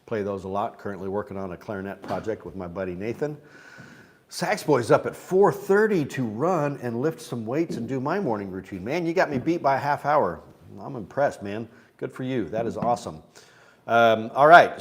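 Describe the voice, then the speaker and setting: A man casually hosting a morning livestream, chatting with viewers and reading their comments aloud. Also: medium pitch. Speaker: livestream host selling instruments. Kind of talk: casual live-stream chat.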